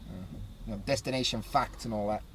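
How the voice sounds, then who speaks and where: A man's voice: on the low side, fairly quick, slight background noise. A man hosting a podcast, ranting in a casual, sweary, comedic way. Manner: animated, swearing, dialect phrasing. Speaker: podcast host.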